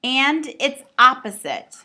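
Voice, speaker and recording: Female math teacher, upbeat and a bit playful, bright voice pitched slightly high. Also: big pitch swings, slow pace. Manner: upbeat, playful asides to students. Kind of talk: recorded classroom lesson.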